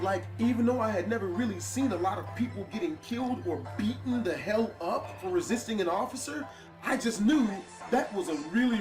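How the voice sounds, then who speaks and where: A man narrating a first-person story in a calm, steady way. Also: high-pitched, roomy sound. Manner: calm, quoting shouting officers. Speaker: storyteller in a played video.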